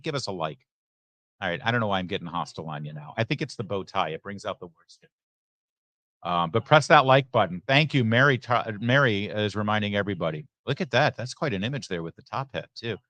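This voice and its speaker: A man's voice: medium pitch, dry recording. Chatty male host reading super chats. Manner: chatty, joking asides, lively ups and downs. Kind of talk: live election night stream, reading super chats. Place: election watch party venue.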